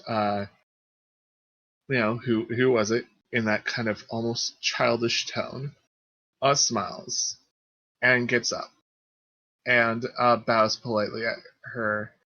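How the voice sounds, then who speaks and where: A man's voice: medium pitch, fairly even intonation, slow pace, sharp tone, dry recording, lo-fi sound. A man narrating a tabletop game as game master, hesitant and full of fillers. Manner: hesitant, many fillers and restarts.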